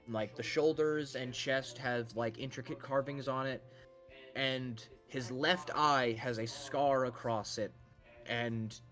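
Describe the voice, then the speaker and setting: A man running a tabletop game, describing a scene in a loose, rambling way filled with fillers. He speaks slowly at a middle pitch, with faint music playing in the background. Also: fairly bright tone. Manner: casual, rambling, many fillers. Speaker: game master.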